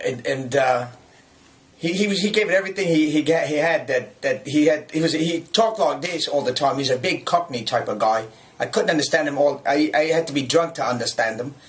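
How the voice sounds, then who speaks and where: A man in his forties from the United States, an actor telling lively anecdotes in a casual video message, chuckling and restarting his sentences often. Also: medium pitch, moderate pace.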